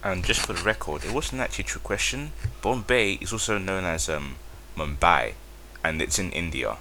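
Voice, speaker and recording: A man in a quiet, hesitant, dry voice-over aside added to a podcast. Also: low voice, expressive, moderate pace, a little hiss or hum. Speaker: podcast editor.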